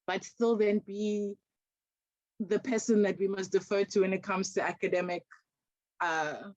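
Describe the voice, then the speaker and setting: A woman's voice: mid-range voice, steady tone, unhurried, a little mellow, no echo. A young woman tells her stories with passion and emphasis. She is a podcast guest speaking over a remote video call. The sound is dull and very dry. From South Africa. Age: 20s. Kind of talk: podcast conversation.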